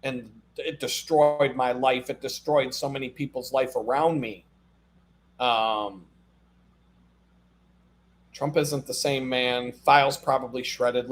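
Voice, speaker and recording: A man hosting his own live stream in an animated, profane ranting monologue, laughing at his own jokes as he goes. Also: a little high.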